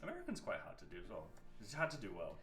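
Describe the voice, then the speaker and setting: A man's voice: fairly low pitch, wildly swooping pitch, very fast, far from the mic. A man chatting off to the side on a live stream, making dry, teasing quips. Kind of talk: casual chat on a live stream. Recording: roomy sound with loud music.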